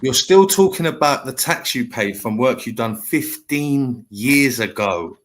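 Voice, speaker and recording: A man's voice: mid-range voice, lively intonation, measured pace. A middle-aged man hosting a live stream panel, talking bluntly and lecturing in a heated chat.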